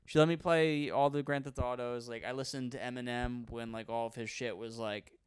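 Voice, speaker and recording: A male stand-up comedian in casual podcast chat, telling stories in an animated, profane way. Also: mid-range voice, a little fast, smooth, no echo, clean studio sound.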